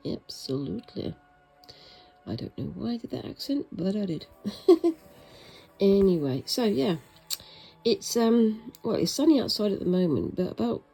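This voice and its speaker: Husky woman chatting while she sews. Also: mid-range voice, animated, moderate pace, faint music behind, low-quality recording. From Britain. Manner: rambling, self-mocking, soft-spoken at times. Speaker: craft vlogger. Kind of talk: casual chat while stitching.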